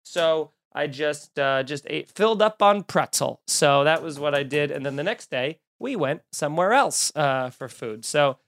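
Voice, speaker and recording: A man from Long Island hosting a podcast, telling a comic story in an animated, exaggerated way. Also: a little high, normal speed, creaky, few pauses. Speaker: podcast host.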